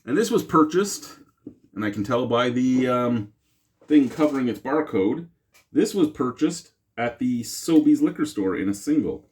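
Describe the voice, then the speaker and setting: On his casual beer review vlog, a man chats and rambles, cracking self-mocking jokes. His deep voice is expressive with a darkish tone, and he speaks at a measured pace. It's recorded on a camera mic rather than a lapel mic, with slight background noise.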